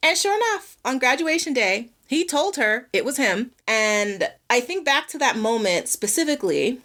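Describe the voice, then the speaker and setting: A woman's voice: medium pitch, animated, normal speed, few pauses, fairly bright tone. A young woman, hosting a solo podcast and telling candid stories, swearing freely. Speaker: podcast host.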